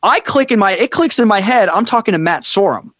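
A man with a high, light voice tells a rambling story in casual podcast chat. He swears freely and keeps jumping into other people's voices to act out what they said. The sound is dry and close, with no room around it. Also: fairly quick, no room sound. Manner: animated, acts out quoted people in raised voices, swears freely. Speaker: podcast guest.

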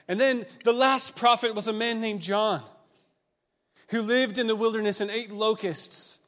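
A man preaching a sermon, retelling stories in an animated way that builds with excitement. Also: high-pitched, moderate pace. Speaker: pastor. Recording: long reverb of a church hall.

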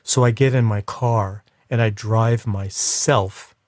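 A man's voice: on the low side, fairly even intonation, slow pace, a little mellow, no echo, clean studio sound. A man as an interview guest, telling a personal story in an emotional, reflective way.

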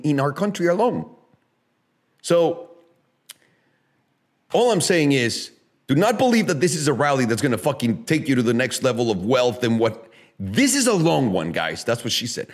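A man hosting a casual talk show, ranting emphatically with profanity, sarcasm and rhetorical questions. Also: mid-range voice. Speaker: podcast host. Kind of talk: casual opinionated chat.

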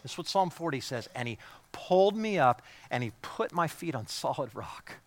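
A pastor preaches a sermon with passion, repeating words and swinging between loud emphasis and hushed, quiet lines. His voice is a little high and very animated, at a moderate pace with no room sound.

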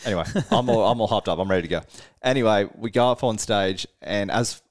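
A man, a touring musician and podcast co-host, tells a tour story in casual chat. He is animated, laughs often mid-sentence and swears freely. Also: fairly low pitch, a little fast.

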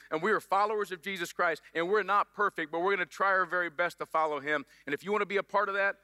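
A man's voice: fairly high pitch, sharp tone, clean tone, long reverb tail. A middle-aged man preaching a sermon as pastor, upbeat and joking with the congregation in a church. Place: church sanctuary.

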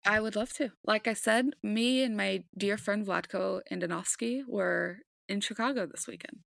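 A woman's voice: mid-range voice, moderate pace, gravelly, fairly bright tone, no echo, clean studio sound. A woman co-hosting a podcast, chatting casually about a game with frequent ums and restarts. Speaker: podcast co-host. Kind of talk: casual sports chat.

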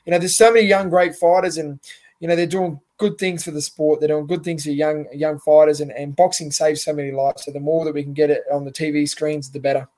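A man's voice: on the high side, level tone, fairly quick, darkish tone. A young Australian man, a boxer guest on a podcast, talking earnestly and rambling with lots of "you know"s. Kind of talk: casual podcast interview.

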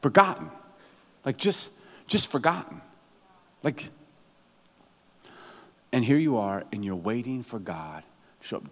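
A man preaching a sermon as a pastor, animated and humorous, laughing often as he talks. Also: medium pitch, long reverb tail.

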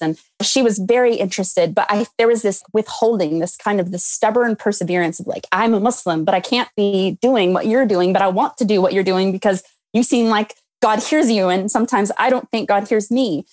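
Woman telling her faith story, super animated, keeps laughing, dry recording. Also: mid-range voice, dry recording. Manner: animated, laughs often, acts out quotes. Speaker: guest. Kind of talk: storytelling testimony.

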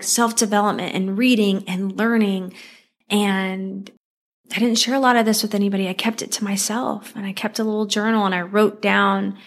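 Chatty, heartfelt woman telling her story. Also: mid-range voice. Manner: chatty and heartfelt, laughs often, voice leaps up when excited. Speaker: manifestation and tapping coach. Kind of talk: casual personal storytelling to viewers.

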